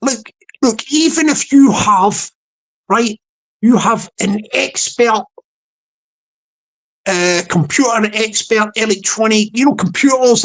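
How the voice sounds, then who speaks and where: A woman hosting a casual livestream, rambling and repeating herself as she chuckles and talks to her chat viewers. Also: mid-range voice. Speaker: livestream host.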